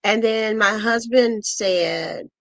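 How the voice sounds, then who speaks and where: A middle-aged woman giving a guest interview, telling a painful personal story in an earnest, halting way full of pauses and fillers. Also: a little high, creaky, fairly bright tone, dry recording. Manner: earnest, intense retelling. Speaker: guest, asthma foundation founder. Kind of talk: emotional personal testimony.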